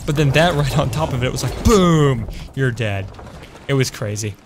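A young gaming streamer with a medium-pitched voice commentates his game quickly from his room at home, with faint music behind him. He's chatty, calls his viewers "boys", and answers chat.

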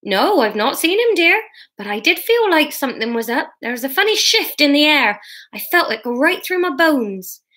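A woman voicing a perceptive old village woman with a gentle, knowing manner while reading a storybook aloud. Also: high-pitched, big pitch swings, moderate pace, voice pushed up, heavily acted.

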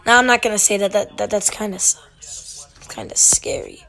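A woman's voice: medium pitch, big pitch swings, normal speed, creaky, a bit bright. A woman giving casual gameplay commentary, playful, making beeping sound effects and dropping whispered asides.

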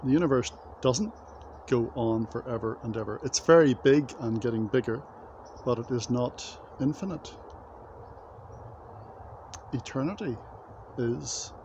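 A man's voice: mid-range voice, darkish tone, dull audio, slight background noise. A man giving a devotional talk to children in a reflective way. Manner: slow, reflective.

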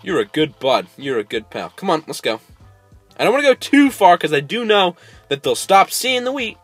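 Excitable man with a wildly swinging voice. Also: moderate pace, breathy edge, soft background music. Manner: excitable, coaxing animals with sudden high squeals. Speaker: gameplay host. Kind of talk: casual let's-play commentary.

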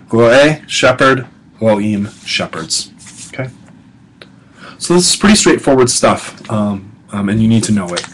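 A male professor giving a recorded lecture, talking conversationally, repeating each vocabulary word slowly and adding casual asides. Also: mid-range voice, poor audio.

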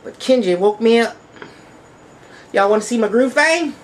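A man voicing a sleepy, playful male teddy bear in a squeaky falsetto with a slangy, sing-song drawl. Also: lively intonation, moderate pace, slight background noise.

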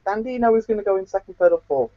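Female panelist, lively and playful, slightly dull recording. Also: medium pitch, very fast, dry recording. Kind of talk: casual panel chat. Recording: muffled audio with faint hiss.

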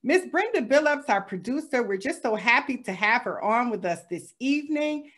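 A woman's voice: a little high, lively intonation, normal speed. Woman host, gracious and formal, moves the show from one speaker to the next. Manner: warmly appreciative, introducing speakers formally. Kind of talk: hosting a talk show.

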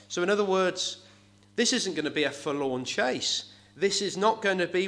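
A man's voice: high-pitched, animated, moderate pace, bright, forceful tone. A man preaching a sermon in an earnest way, often tagging his points with rhetorical questions.

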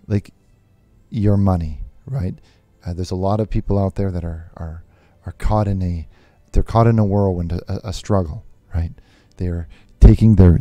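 A man playing a nervous televangelist host on a call-in show, talking haltingly with many fillers and restarts. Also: sits low, mellow, dry recording.

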